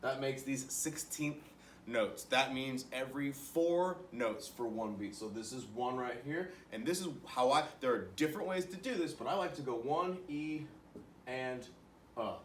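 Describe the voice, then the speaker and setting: A man's voice: medium pitch, lively intonation, moderate pace, reverberant, far from the mic, a little hiss or hum. A young man teaching an online music lesson to children, encouraging them and counting rhythms aloud as he claps.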